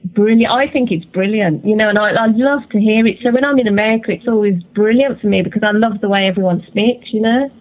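A woman's voice: mid-range voice, quick pace, few pauses, phone-quality sound. A woman from England with an English accent, chatting casually and laughing as a musician guest on an interview show. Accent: English Birmingham.

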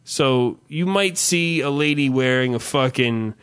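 A man's voice: mid-range voice, unhurried, clear, resonant tone. A man hosting a podcast, telling a rambling, profane comic story in casual chat. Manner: profane, rambling, animated rants. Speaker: podcast host.

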